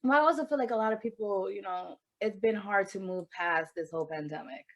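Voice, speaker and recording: A woman co-hosting a podcast, an adult with a child, talks openly and emotionally about happiness, swearing freely in a candid, casual chat. Her voice is medium-pitched and brisk.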